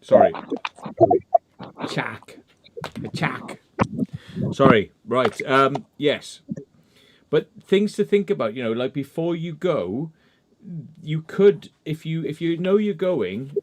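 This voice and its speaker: A man's voice: on the high side, very animated, measured pace, noisy background. A man hosting a casual live chat, rambling and leaning on "you know" as he explains things.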